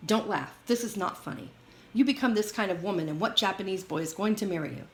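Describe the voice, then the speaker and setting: A woman reading aloud as a stern, furious immigrant father who lectures his daughter loudly. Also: medium pitch, lively intonation, fairly quick, lightly acted. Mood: angry scolding. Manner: loud, scolding lecture. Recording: roomy echo, faint hiss.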